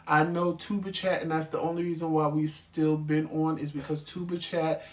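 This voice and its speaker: A man's voice: fairly high pitch, flat delivery, normal speed. A man co-hosting a casual couple's talk show, easygoing and playful, rambling through his thoughts. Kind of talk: casual chat.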